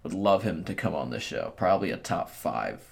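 Low, gravelly man chatting about football. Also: expressive, moderate pace, slight background noise. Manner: hesitant restarts, rambling offhand opinions. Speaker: sports podcast co-host. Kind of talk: casual sports chat.

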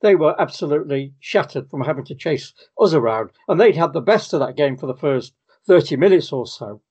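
A man's voice: fairly high pitch, animated, a little fast, darkish tone, breathy edge, lo-fi sound. A man co-hosting a podcast, chatting casually about football with frequent restarts. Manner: hesitant, restarts often. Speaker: podcast co-host.

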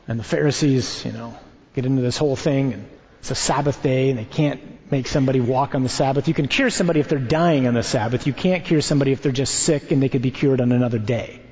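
A priest teaching in a conversational sermon, animated and wry, tossing out rhetorical questions. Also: male voice, mid-range voice, quick pace. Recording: dull recording in a reverberant hall.

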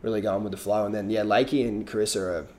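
A man chatting casually about competition surfing, relaxed and rambling, with frequent restarts. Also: fairly low pitch, fast, a little hiss or hum. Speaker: surf analyst guest. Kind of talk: casual podcast chat.

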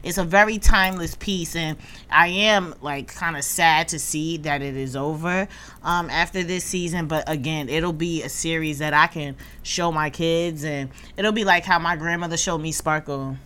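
Low, bright-voiced podcast woman. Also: normal speed, smooth. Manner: reflective, many fillers, lots of mm-hmms. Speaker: podcast co-host. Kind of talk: casual chat.

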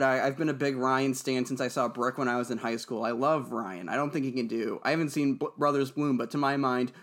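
A man's voice: mid-range voice, a bit bright. A young man with an ordinary mid-range voice. He chats eagerly about movies, with many restarts and fillers as he tries to find his words. His delivery has the easy, loose feel of a podcast conversation. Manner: rambling, full of likes and restarts, eager. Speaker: podcast co-host. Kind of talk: casual film discussion.

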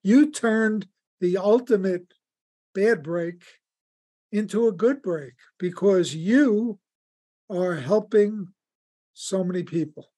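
Earnest slow-spoken male host. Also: high-pitched, mellow, husky. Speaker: podcast host. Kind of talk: conversational interview.

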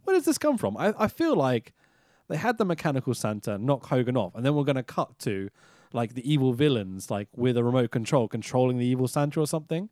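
A man's voice: mid-range voice, big pitch swings, brisk, a little mellow, dry recording, clean studio sound. A man, co-hosting a podcast and recapping a movie in casual chat, sarcastic and swearing often. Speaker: podcast co-host.

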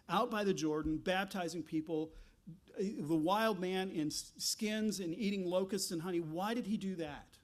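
Male pastor, high-pitched, animated sermon delivery with questions and asides.

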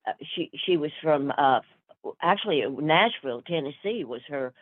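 An older woman, an actress guest, telling chatty stories in a lively way with many fillers. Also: deep voice, normal speed, no echo. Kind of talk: storytelling interview answers. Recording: tinny phone-like line.

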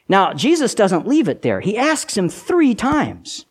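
Guy preaching a sermon, high voice swinging all over the place, really animated. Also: measured pace, hardly any pauses, slightly rough. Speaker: pastor.

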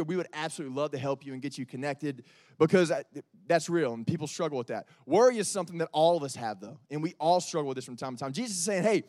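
Man, youth pastor, high voice, dry close sound, casual and joking. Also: a little mellow, dry recording. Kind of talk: youth sermon.

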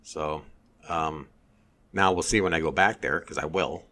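A man telling a story in casual chat, animated and swearing, mimicking others in a high voice. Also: a little slow.

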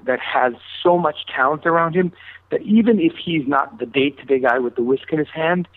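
A man's voice: fairly high pitch, no echo. A man telling a long anecdote in a radio interview, acting out both sides of old phone calls. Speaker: guest chef. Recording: tinny phone-line sound.

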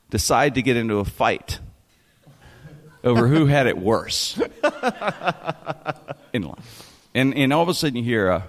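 Brief: lively, excitable male storyteller, voice swinging up and down, a little higher-pitched, long hall reverb. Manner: animated, laughing often, lots of restarts. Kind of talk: comic storytelling.

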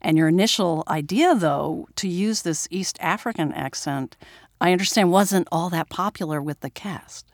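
Curious interviewer, mid pitch, dry close sound, keeps the guest talking. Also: no echo. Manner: curious, engaged, quick to laugh along. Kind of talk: interview questions.

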